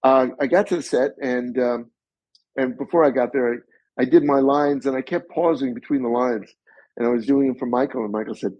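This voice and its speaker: A man being interviewed as a guest actor, telling animated stories and acting out other people's voices. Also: mid-range voice, brisk, no room sound. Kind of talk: anecdotal storytelling. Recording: slightly muffled recording.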